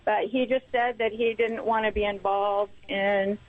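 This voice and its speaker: A woman's voice: mid-range voice, steady tone, unhurried. A woman calling in to a radio show, speaking politely and a little hesitantly. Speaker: caller. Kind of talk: call-in phone conversation. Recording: tinny phone line.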